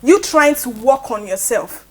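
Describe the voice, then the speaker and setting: A woman's voice: on the high side, lively intonation, a little slow. A woman with a Nigerian English accent, a talk show guest, arguing her view firmly and checking in with "okay?". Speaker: panel guest.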